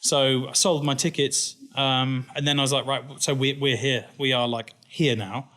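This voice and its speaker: A man's voice: medium pitch, normal speed. A man, a company founder chatting as an interview guest and acting out the people in his stories with a laugh. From England. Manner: animated, laughing storyteller who acts out quoted people. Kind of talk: casual interview storytelling.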